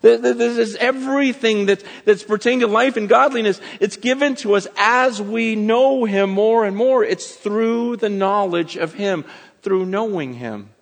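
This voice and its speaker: A man preaching a sermon, earnest and emphatic, often repeating words and restarting as he presses a point, swinging between soft and forceful delivery. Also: high-pitched, measured pace, creaky, long reverb tail. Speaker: pastor.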